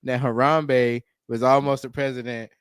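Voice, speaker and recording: A man co-hosting a podcast, talking in a slangy, animated, casual way. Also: mid-range voice, moderate pace, clean tone, no echo, studio quality. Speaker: podcast co-host. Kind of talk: casual chat.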